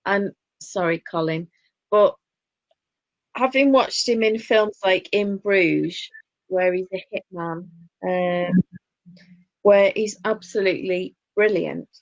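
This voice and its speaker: A woman's voice: mid-range voice, no room sound. Chatty Northern English woman, lo-fi sound. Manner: chatty, opinionated, laughing asides. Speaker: podcast co-host. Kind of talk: casual chat. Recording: dull lo-fi dry sound.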